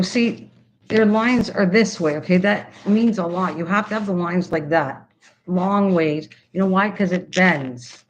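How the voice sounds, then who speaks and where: An older woman runs a crafting livestream, chatting casually with viewers as she works, rambling and often stopping mid-sentence to start over. Her voice is lowish, and the muffled recording carries slight background noise.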